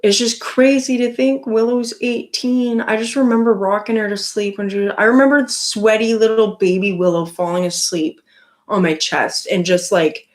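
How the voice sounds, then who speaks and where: A woman's voice: fairly high pitch, fairly even intonation, normal speed. A Canadian woman hosting a casual live stream, chatting with viewers in a rambling way full of likes and restarts. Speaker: livestream host.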